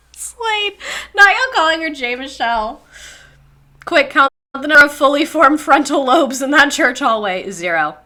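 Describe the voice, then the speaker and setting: A woman's voice: on the high side, pushed and bright. A young woman live-streaming casual commentary, sarcastic and swearing freely while reading chat aloud.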